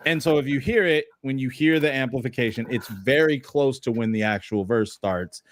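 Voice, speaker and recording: A man co-hosting a podcast, explaining things in a relaxed, halting way with lots of "um"s. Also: mid-range voice, a little hiss or hum. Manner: relaxed, halting, many fillers. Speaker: podcast co-host. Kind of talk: casual chat.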